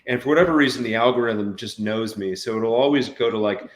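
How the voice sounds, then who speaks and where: An actor chatting as an interview guest, rambling with many fillers and restarts. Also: male voice, on the low side, fast talker, roomy sound. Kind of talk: casual interview chat.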